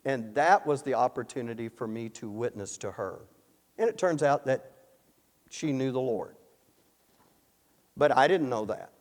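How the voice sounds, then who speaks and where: Earnest Texan preacher telling a story. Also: male voice, mid-range voice, animated, a little slow, pauses often, darkish tone. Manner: earnest, storytelling, repeats words when restarting. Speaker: Bible teacher. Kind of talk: sermon with personal story. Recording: long reverb in a hall.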